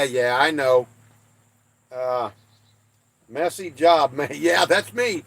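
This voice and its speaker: Taking it slowly with long pauses, an older American West man hosts a livestream and reads viewers' comments aloud. His chat is folksy and self-deprecating, delivered in a fairly high, fairly bright voice with no echo.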